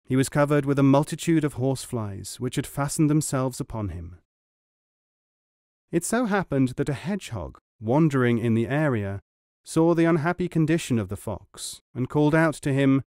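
A male narrator with a mid-range voice reads world tales aloud for an audiobook, his scripted delivery measured and even. The recording is studio quality, free of any room sound.

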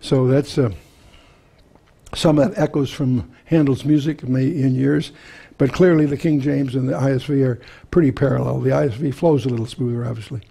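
A man's voice: medium pitch, steady tone, normal speed, creaky, mellow, breathy edge. A man teaching a verse-by-verse Bible study, reading scripture aloud and then explaining it, with frequent restarts.

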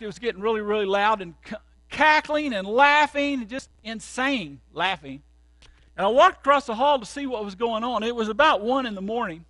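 A pastor delivers a sermon, his high-pitched male voice telling stories with dramatic flair. He swings between loud outbursts and hushed, quiet lines, and the recording has no echo.

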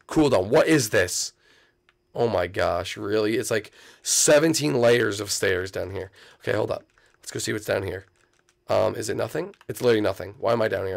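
A man giving excitable, teasing commentary over a block-building game as a video host. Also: fairly low pitch, gravelly. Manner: hyped, teasing, keeps tacking on "baby". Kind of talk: excitable let's-play commentary.

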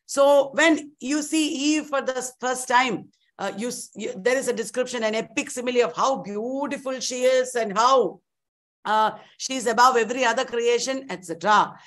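A woman lecturer teaching an online literature class, retelling a story in an animated way and repeating key points. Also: fairly high pitch, moderate pace.

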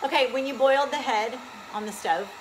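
A woman with a Texan accent, a furniture painting instructor, runs a live DIY painting demo, chatty and upbeat as she answers viewer comments while working. Her voice is high and her pace brisk. There's noise in the background.

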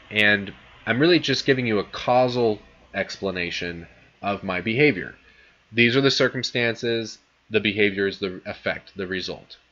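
Chatty low-voiced male lecturer. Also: bright, forceful tone, dull audio. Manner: chatty, lots of fillers and restarts. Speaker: philosophy lecturer. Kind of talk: casual classroom lecture.

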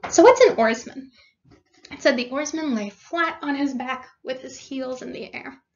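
A woman's voice: sits high, normal speed, a little mellow, lo-fi sound. A woman teacher reading a story aloud to her class, stopping to explain words and what happens. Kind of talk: read-aloud lesson.

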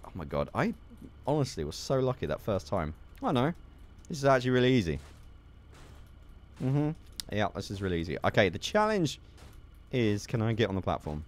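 A young man giving excitable gameplay commentary as a gaming video host, swearing and laughing at his mishaps. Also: fairly low pitch, brisk, long pauses. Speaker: gaming YouTuber.

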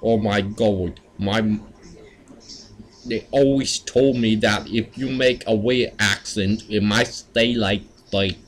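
A man performing a comedy sketch monologue, talking in a halting, hesitant way. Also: lowish voice, fairly bright tone, poor audio.

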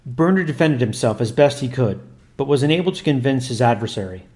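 Man reading a story in a steady formal voice. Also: medium pitch, a little fast. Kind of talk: scripted narration of a religious history.

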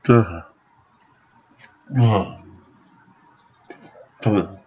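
A man's voice: lowish voice, extremely slow, darkish tone, husky. A middle-aged man ranting and swearing to the camera in an angry home vlog. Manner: profane, ranting, grumbling. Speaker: vlogger. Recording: dull lo-fi home recording.

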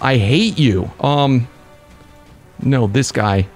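A young man commentating his own gameplay, excitable and quick to break into frustrated outbursts. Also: medium pitch, gravelly, soft background music. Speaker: let's play gamer.

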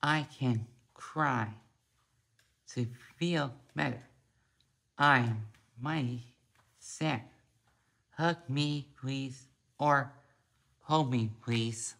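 A man reading a children's picture book aloud, slowly and haltingly, a few words at a time. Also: medium pitch, creaky, a bit bright. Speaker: storybook reader.

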